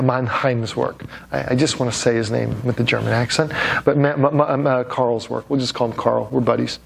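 A man's voice: mid-range voice, creaky. A man giving a classroom lecture, with joking asides to the students and many fillers and restarts.

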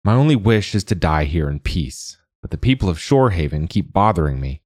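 A man voicing a dying old woman wizard who talks in a quiet, mournful and aloof way in a storybook reading. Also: sits low, very animated, brisk, no room sound, clean studio sound. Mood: weary, mournful.

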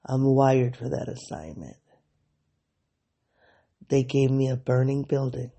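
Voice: mid-range voice, lively intonation, slow, creaky, warm tone. A podcast host speaking candidly in a reflective solo diary episode, thinking aloud and analyzing their own feelings.

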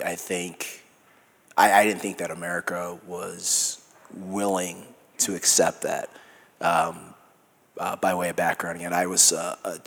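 Low-voiced Minnesota man in a hall. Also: fairly bright tone. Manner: easygoing, reflective, acts out quotes. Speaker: guest. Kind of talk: conversational interview before an audience. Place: large hall with congregation. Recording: hall reverb.

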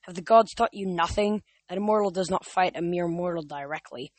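Young man reads as a sneering immortal Titan, slow and booming, in a dry storybook reading. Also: no echo. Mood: gloating. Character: menacing Titan father, male, cruel and gloating.

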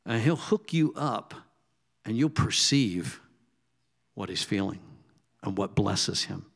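A man preaching a sermon in a conversational way, asking the congregation direct questions and swinging between loud emphatic bursts and soft, low asides. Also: lively intonation, slow, creaky. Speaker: pastor.

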